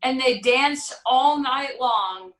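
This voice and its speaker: A woman with a high, somewhat bright voice narrates slowly as a wry character who tells the tale however she likes. It's storytelling theatre from a filmed virtual production, captured with roomy sound and a distant mic.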